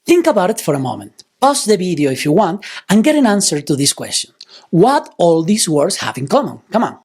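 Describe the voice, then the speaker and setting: A woman teaching Spanish, patiently explaining grammar rules and slowing down to model example words. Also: lowish voice, big pitch swings, a little mellow, husky. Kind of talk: explanatory language lesson.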